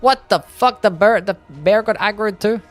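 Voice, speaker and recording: A man's voice: high voice, normal speed, faint music behind. A young Australian man with a mild Australian accent, chatting casually while streaming a game and answering his chat.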